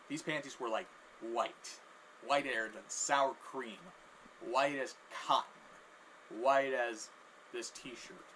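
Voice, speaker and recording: Bright-voiced man rambling slowly through a story. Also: medium pitch, slight background noise, poor audio. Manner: rambling with many restarts. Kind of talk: casual anecdote.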